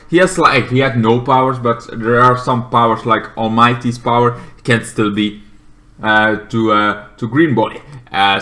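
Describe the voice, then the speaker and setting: A man's voice: mid-range voice, sharp tone. A man reviewing a show in casual chat, rambling with lots of fillers. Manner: rambling, full of fillers and restarts.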